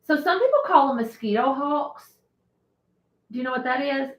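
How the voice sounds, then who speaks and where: A woman's voice: high voice, expressive, normal speed. Chatty woman hosting a live stream. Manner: chatty, laughs often, reads viewer comments aloud. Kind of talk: casual live-stream chat. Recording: roomy echo.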